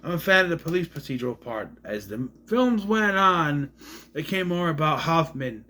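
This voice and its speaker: Rambling man with lively pitch. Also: normal speed. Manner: rambling, jokey, swears casually. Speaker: collection vlogger. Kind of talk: casual show-and-tell chat.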